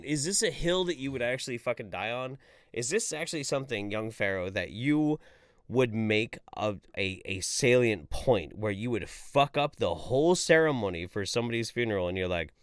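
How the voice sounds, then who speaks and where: A man hosting a live stream swears freely and swings his pitch up and down as he reacts in exasperation. His mid-pitched voice is recorded close and dry, with no room sound around it. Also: no echo. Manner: profane, exasperated, animated. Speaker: livestream host. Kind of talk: casual live-stream chat.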